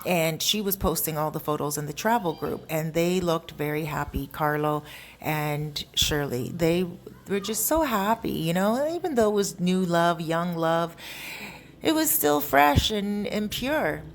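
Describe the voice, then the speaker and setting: A woman telling a story in a casual, animated, conversational way with chatty asides. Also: on the low side, measured pace, slight background noise.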